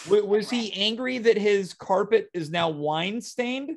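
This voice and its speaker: A man's voice: high-pitched, unhurried, vocal fry, very noisy. A man hosting a casual podcast, hesitant with many fillers and dry teasing.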